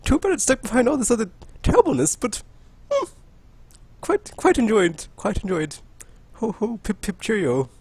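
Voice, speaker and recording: A man's voice: sits high, wildly swooping pitch, normal speed, long pauses, darkish tone, husky, no echo, voice pushed up, exaggerated voice. A man putting on a put-on posh British accent to voice a pompous, cheerfully deluded male scientist who loves grinding for loot. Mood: smug cheerful. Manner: plummy, prim, chuckling.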